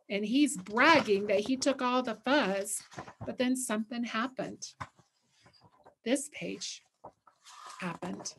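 Expressive woman reading a storybook slowly. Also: on the high side, a little hiss or hum. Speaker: literacy coordinator. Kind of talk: reading a picture book aloud as a lesson.

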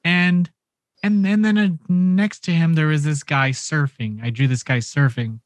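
A young man on a podcast, telling a story in a lively, animated way, swearing and acting out the quotes. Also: fairly high pitch, unhurried, no room sound. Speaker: podcast co-host. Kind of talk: casual podcast chat.

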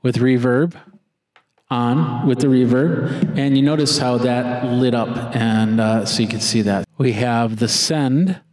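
A man's voice: mid-range voice, takes it slowly, no echo. Chatty man demoing audio gear. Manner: relaxed, chatty, explains step by step. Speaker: tech reviewer. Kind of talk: casual product demo.

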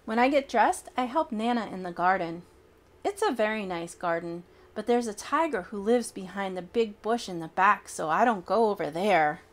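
A woman reading a children's picture book aloud in an expressive, childlike storytelling manner. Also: medium pitch, normal speed.

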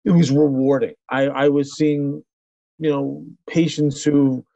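A man's voice: a little high, level tone, unhurried, creaky, mellow, no room sound, low-quality recording. A middle-aged man, a chiropractor, telling his story in a casual interview with many restarts and fillers. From New York. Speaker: chiropractor guest.

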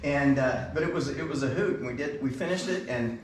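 A man's voice: medium pitch, a little fast. Brief: middle-aged man, eager storyteller onstage, some distance from the mic, hall echo, faint room noise. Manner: enthusiastic anecdotal storyteller, many fillers. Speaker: band concert speaker. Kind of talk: storytelling from stage.

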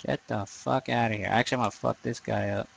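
A young man commenting on his own gameplay in a loose, rambling way, swearing freely and making fun of his own nerdiness. His voice sits at an everyday middle pitch, neither high nor low. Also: steady tone, quick pace, creaky, slight background noise, rough recording. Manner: profane, rambling, self-deprecating. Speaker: gaming commentator. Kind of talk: let's play commentary.

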